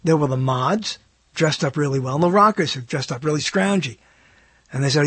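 An older man hosts his own show in a loose, rambling monologue that keeps doubling back on itself with wry asides. His voice sits a little high and has a husky edge, and the recording is dry and close with no room sound. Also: brisk, fairly bright tone, dry recording. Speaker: host. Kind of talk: casual solo talk show monologue.

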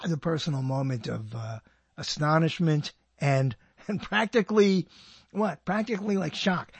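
A man's voice: a little high, normal speed, slightly rough, no room sound. An older man hosting his own radio show, rambling and joking to himself, often breaking off mid-sentence. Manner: rambling, self-interrupting, joking. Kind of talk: rambling solo monologue.

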